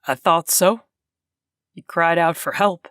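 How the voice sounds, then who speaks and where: A guarded, steady man on the run, as a woman narrator puts him on, his lines dropped low and kept short and firm. He speaks slowly in a dry, close storybook reading. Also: dry recording. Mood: terse.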